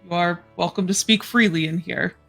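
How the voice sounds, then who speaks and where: A woman voicing a stern male guard captain known for killing drow, speaking calmly and measured. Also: fairly low pitch, gravelly, soft background music.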